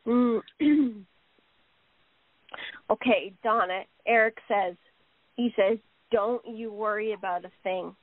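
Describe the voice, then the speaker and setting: A woman medium talks through a narrow, phone-like line with no room sound at all. She rambles on, stringing messages together with "he says" and "you know." Her voice sits at an ordinary middle pitch. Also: slow, pauses often, no echo. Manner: rambling, relays quotes with frequent "he says". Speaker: psychic medium relaying messages. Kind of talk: live radio talk.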